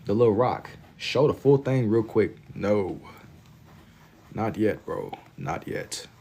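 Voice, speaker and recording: Young man from Kentucky, slightly low voice, laid-back slangy livestream chatter while drawing. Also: animated, slow pace, dark tone, slightly rough. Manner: laid-back and slangy, reading chat aloud. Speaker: livestreaming artist.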